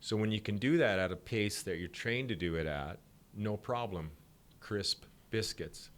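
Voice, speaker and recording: A man's voice: lowish voice, normal speed. A middle-aged man, a sport psychology guest on a podcast, explaining ideas at length and acting out examples with a laugh. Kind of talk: podcast interview.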